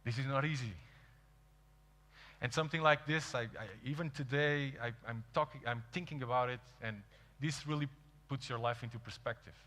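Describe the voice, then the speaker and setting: A man in his thirties with a Portuguese accent, speaking English as a second language, tells stories on a stage. His voice is bright and forward, and he acts out the people he quotes. The sound rings out with a long reverb from a large hall. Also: mid-range voice, normal speed. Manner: animated, acts out quoted dialogue. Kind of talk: storytelling keynote talk.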